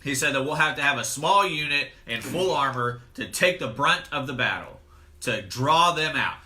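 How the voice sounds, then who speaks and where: Bright-voiced young man retelling a plot. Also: medium pitch, lively intonation, normal speed, slight background noise. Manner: retells the plot at length, casual and profane. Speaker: podcast co-host. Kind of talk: casual movie review chat.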